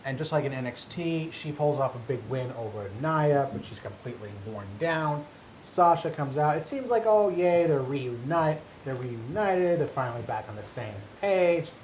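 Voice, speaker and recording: A man's voice: on the high side, expressive, moderate pace, a little mellow. A man co-hosting a casual wrestling podcast, talking animatedly with many stammered restarts. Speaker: podcast co-host. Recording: echoey room with faint hum.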